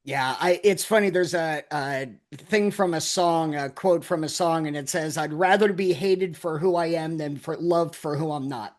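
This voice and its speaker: Relaxed, agreeable male podcast host. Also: a little high, moderate pace, few pauses. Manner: relaxed, agreeable, laughs along. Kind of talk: casual podcast interview.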